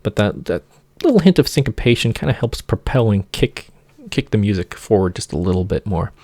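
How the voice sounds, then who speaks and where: A man with a low, gravelly voice talks through a music analysis in a loose lecture style. He breaks into sung syllables to demonstrate phrases and stops often with fillers. The recording is dry and close. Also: very animated, a little fast, mellow, dry recording. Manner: sings motifs with nonsense syllables, hesitant with many fillers. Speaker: music theory teacher.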